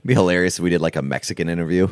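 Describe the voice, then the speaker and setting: Male co-host, very low voice, deadpan joker; dry close mic. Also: rapid-fire, no echo. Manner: deadpan, joking, swears. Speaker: podcast co-host. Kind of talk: casual podcast chat.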